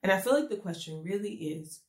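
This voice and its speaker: A woman's voice: mid-range voice, lively intonation, a little fast. Earnest woman preaching in an echoey room. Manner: earnest, conversational, full of rhetorical questions. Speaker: speaker giving a devotional message. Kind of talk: conversational sermon.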